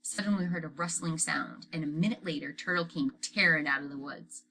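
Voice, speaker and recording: A woman narrating a children's book aloud with an expressive reading style. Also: sits low, brisk, creaky, a little hiss or hum. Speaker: audiobook reader.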